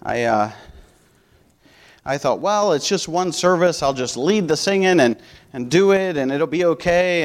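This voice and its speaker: A man teaching a Sunday school class, reading scripture slowly and then praying aloud. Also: on the high side, lively intonation. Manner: slow, measured scripture reading. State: out of breath. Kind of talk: church Bible lesson and prayer.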